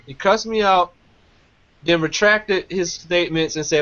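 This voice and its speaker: A man's voice: high voice, measured pace, a bit bright. A man telling a story in casual talk, emphatic and repeating his phrases. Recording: dull lo-fi sound.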